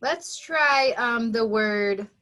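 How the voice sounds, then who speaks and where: A woman's voice: on the high side, drawn-out words, pushed and bright. A woman teaching a children's phonics lesson, patiently sounding out words and spelling them letter by letter.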